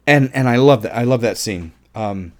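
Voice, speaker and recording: A man's voice: mid-range voice, animated, moderate pace. A man giving a casual, enthusiastic film review, rambling with restarts, swearing and laughing at his own jokes. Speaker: movie reviewer.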